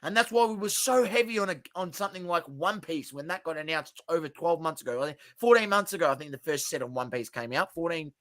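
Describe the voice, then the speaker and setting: A man's voice: fairly high pitch, a bit bright. A man co-hosting a casual podcast, explaining points with frequent stammered restarts. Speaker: podcast co-host. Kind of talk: casual chat.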